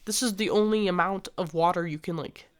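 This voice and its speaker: A young woman telling a casual storytime vlog, animated and slangy, swearing freely and acting out what people said. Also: on the low side, fairly quick, smooth.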